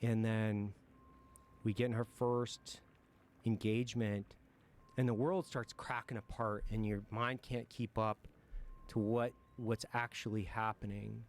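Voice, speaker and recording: Low-voiced man recounting combat bluntly. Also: level tone, a little slow. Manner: profane, frank and reflective, with bursts of nervous laughter. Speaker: military veteran guest. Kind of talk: candid war storytelling in a podcast interview.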